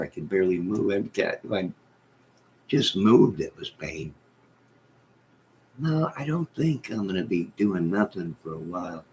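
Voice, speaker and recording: A man's voice: low-pitched, lively intonation, a little mellow, slight background noise, rough recording. A man hosting a casual livestream, reading his chat and telling rambling, joking stories. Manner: rambling, joking storyteller with drawn-out asides. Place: at home in bed.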